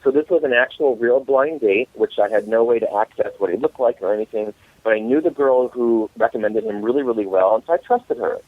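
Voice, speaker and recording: A man, an author and guest, telling comic dating stories in an animated way. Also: mid-range voice, a little fast, dry recording. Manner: animated, comic storyteller acting out quotes. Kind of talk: storytelling interview. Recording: tinny phone line.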